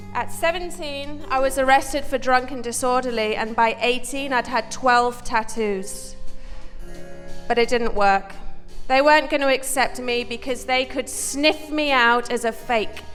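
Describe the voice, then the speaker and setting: An English woman with a wry, dry-humoured delivery tells a personal story to a live audience. Her voice sits high, carries the long reverb of a theatre hall, and a soft music score plays underneath. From England. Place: theatre stage before an audience.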